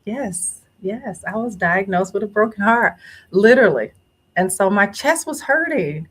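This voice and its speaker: Lively woman telling a story. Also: mid-range voice, a little slow, breathy edge. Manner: animated storyteller, acts out other people's lines. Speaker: guest author. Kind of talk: casual storytelling. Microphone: phone or remote line.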